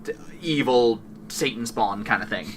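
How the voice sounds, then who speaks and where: A mid-range male voice at normal speed, captured on a distant mic with a little hiss or hum. He's a podcast co-host chatting enthusiastically about video games, rambling and self-correcting mid-sentence.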